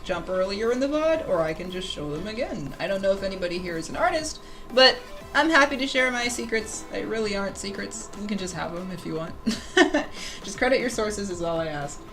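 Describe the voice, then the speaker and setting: A woman drawing fan art on a casual livestream, chatting with viewers in an excitable, giggly way. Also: mid-range voice, a little fast, soft background music, low-quality recording.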